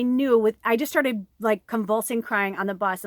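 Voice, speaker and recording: A woman's voice: medium pitch, measured pace, few pauses, no room sound, studio quality. A woman in her forties, a tarot reader from Chicago, rambling emotionally through a personal story with plenty of swearing, recorded inside an RV. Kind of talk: casual storytelling to viewers.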